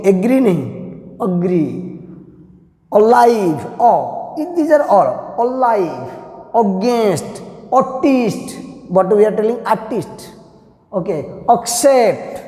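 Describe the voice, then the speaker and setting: Indian guy teaching pronunciation slow, lots of up and down, echoey hall. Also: high voice. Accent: Indian English. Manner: drills words by repeating them several times; addresses students directly with questions. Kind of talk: classroom-style lesson. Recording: echoey room with long reverb.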